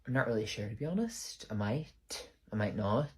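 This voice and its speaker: A man's voice: on the low side, expressive, normal speed, a little mellow, husky. A man playing an unbothered British barista. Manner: plain, unbothered short answers. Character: calm young male barista content with his job. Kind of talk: comedy skit.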